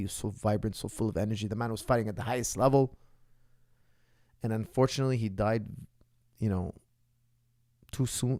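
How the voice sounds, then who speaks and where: A man's voice: lowish voice, warm tone, no echo, studio quality. A man in his forties, a martial arts coach, answering viewer questions in an emphatic way and often checking in with "okay?". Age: 40s.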